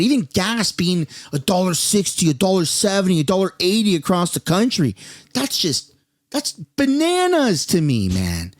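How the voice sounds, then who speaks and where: A man's voice: high-pitched, dry recording, studio quality. A man from Canada, a commentary host, ranting angrily and with lots of profanity about the state of the country. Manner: angry, profane, exasperated.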